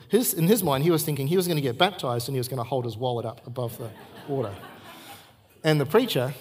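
Earnest pastor preaching. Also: male voice, mid-range voice, fast talker, darkish tone, slightly rough. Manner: earnest storytelling with emphatic repetition. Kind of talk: sermon. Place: church service.

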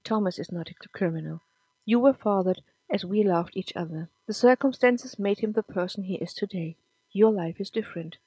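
Calm firm mom reassuring her son, woman reading it, mid pitch, dry sound. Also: normal speed, husky, no echo. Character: firm, caring mother.

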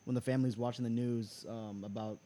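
A man's voice: medium pitch, fairly even intonation, brisk, warm tone. A young man, a guest on a podcast, who talks hesitantly with many ums in casual chat.

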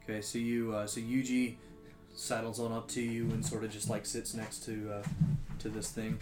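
A man narrating as game master of a tabletop game, in a casual, low-key way. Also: flat delivery, normal speed. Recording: roomy echo, music behind.

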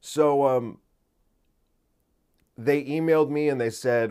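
Relaxed male podcast host, mid-range voice, loose and chatty, casual swearing. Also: medium pitch, a little slow, pauses often, clear, resonant tone. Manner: laid-back, rambling, swears casually. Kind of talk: casual monologue intro.

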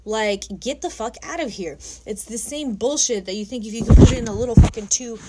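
A woman's voice: fairly high pitch, a little fast, over loud music. A young woman delivering an angry personal rant to camera, heated, emphatic and full of swearing. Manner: heated, profane, emphatic ranting.

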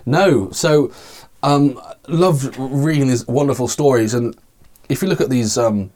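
A man's voice: mid-range voice, unhurried, a little mellow. A man talking as a guest in a casual podcast chat, thoughtful and meandering with many fillers.

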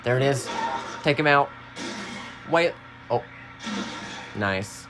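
Very deep-voiced woman cheering on gameplay. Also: expressive, takes it slowly, music in the background. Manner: cheering and coaching loudly in fights. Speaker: co-host watching a game being played. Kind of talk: casual let's-play banter.

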